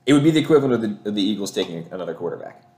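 Fast-talking deep-voiced man, echoey room. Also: lively intonation, a little mellow. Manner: fast, blunt, swears freely. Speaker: podcast co-host. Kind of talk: casual sports chat.

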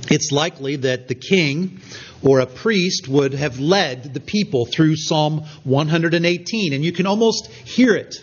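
High-voiced preacher, lo-fi sound. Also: male voice. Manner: earnest, measured preaching with scripture reading. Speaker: pastor. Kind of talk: sermon. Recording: dull lo-fi recording.

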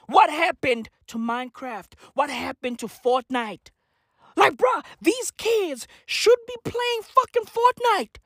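Woman, comic ranter: high, bouncy pitch, profane slangy bro-talk, excitable outbursts. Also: slow, dry recording, clean studio sound. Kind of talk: comedic rant.

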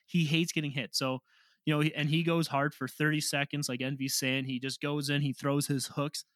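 A man's voice: a little high, moderate pace, no room sound. A man co-hosting a podcast, telling stories in casual chat and laughing as he goes. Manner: laughing, animated storytelling with crude jokes. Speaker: podcast co-host.

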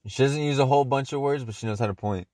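A man in a casual chat who talks in a relaxed, easygoing way, heavy on "like" and "you know". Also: mid-range voice, quick pace, no room sound.

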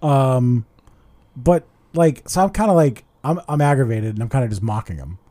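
A man's voice: mid-range voice, normal speed. A man hosting a podcast, telling stories in casual chat and swearing freely. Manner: animated storytelling, swears a lot. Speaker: podcast host.

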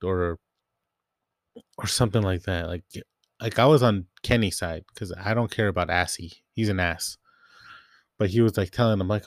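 A young man tells a long, rambling story from his store job, slipping into his coworkers' voices as he goes. His voice sits a little low, and the sound is dry and close with no room echo. He leans on "like" and loose asides. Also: moderate pace. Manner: rambling, quotes coworkers, frequent "like". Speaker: grocery store worker. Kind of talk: casual storytelling rant.

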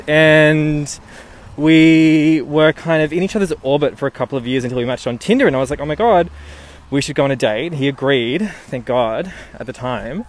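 A man's voice: on the high side, normal speed. A man from Newcastle telling a story casually and animatedly, swearing and laughing as he goes.

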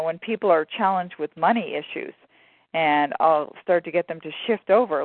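A woman author telling stories in a relaxed interview, with frequent fillers and laughter. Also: low-pitched, dry recording. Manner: animated storyteller, many fillers and laughs. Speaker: guest author. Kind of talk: casual conversational interview. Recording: phone-like dry line.

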